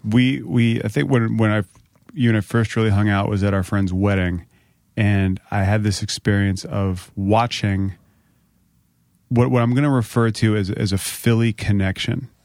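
A man's voice: fairly low pitch, steady tone, moderate pace, a little mellow, no room sound. A man hosting a podcast from a studio, chatting and interviewing his guest in a friendly way that is full of laughter. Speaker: podcast host. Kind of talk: casual chat. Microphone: studio microphone.

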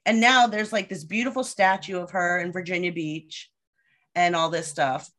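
A woman guest on a podcast, casually telling a story with lively delivery and acted-out quotes. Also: lowish voice, moderate pace. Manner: lively storyteller who acts out quoted voices.

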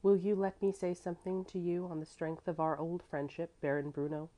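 A gentle, pious older lady offers earnest counsel, read by a woman. Her voice is low and soft, and she speaks steadily. A quiet storybook reading. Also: flat delivery, a little fast, close to an everyday voice.

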